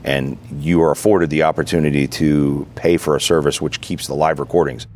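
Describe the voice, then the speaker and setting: A man's voice: a bass voice, steady tone, a little fast, a little mellow. A male detective explaining the case matter-of-factly in a news interview.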